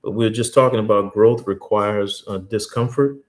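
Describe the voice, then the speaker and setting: A host giving a teaching talk, repeating key points slowly and earnestly, with stories from church life. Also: male voice, fairly low pitch.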